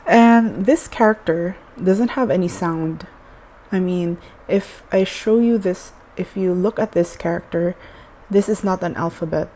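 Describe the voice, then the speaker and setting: Slow, mellow-voiced woman teaching at a board. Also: lowish voice, slight background noise, poor audio. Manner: unhurried, hesitant, many fillers and restarts. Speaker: language teacher. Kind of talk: casual whiteboard lesson.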